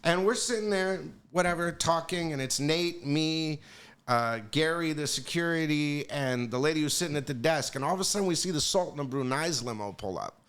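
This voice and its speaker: A man on a podcast telling casual stories in an animated, profane way, acting out the voices of people he quotes. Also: a little high, moderate pace. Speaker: podcast guest. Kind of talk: casual storytelling.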